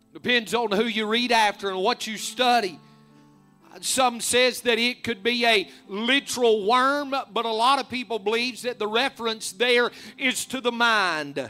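A man preaching a fervent sermon, rising to loud emphatic peaks. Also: very high-pitched.

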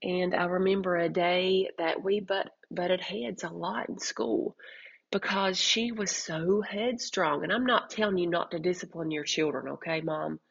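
A middle-aged woman shares a heartfelt testimony on her faith-based parenting podcast, earnest and full of restarts. Her voice is husky with a gravelly edge. The recording sounds dull and lo-fi. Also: fairly low pitch, steady tone, a little slow. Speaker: podcast host.

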